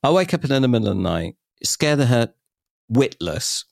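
A man in his forties, a podcast guest, chatting and telling animated stories, laughing often and acting out quoted voices. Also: medium pitch, fast, creaky, no echo, studio quality. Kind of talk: casual storytelling chat.

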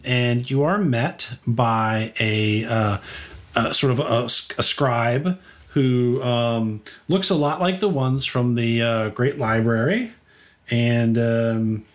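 A man narrating as game master, describing scenes in a relaxed, hesitant way. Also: mid-range voice. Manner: relaxed, hesitant, many fillers.

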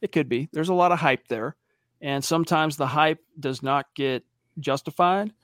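Male podcast host, slightly high voice, lively storyteller, dry close sound. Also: normal speed, no echo. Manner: animated storyteller, acts out quotes. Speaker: podcast host reading viewer questions. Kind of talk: casual sports podcast talk.

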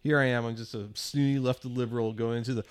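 A man's voice: medium pitch, fairly even intonation, quick pace, clean tone, dry recording. A man co-hosting a podcast, telling a casual, profane story and acting out the quotes. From St. Louis area, USA. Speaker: podcast co-host. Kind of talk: casual chat.

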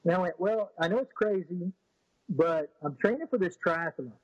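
An interview guest with a fairly high, husky male voice tells a story casually and at a moderate pace, rambling with frequent restarts and fillers. He grows animated whenever he quotes other people. The recording is dry and a little dull, like a lo-fi setup, with no room sound.

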